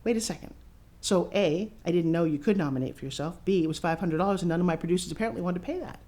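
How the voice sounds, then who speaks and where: A woman in her fifties giving a casual walking tour of her studio, excitable and showy, talking straight to the camera. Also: on the low side, rapid-fire. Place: her own studio and offices, indoors.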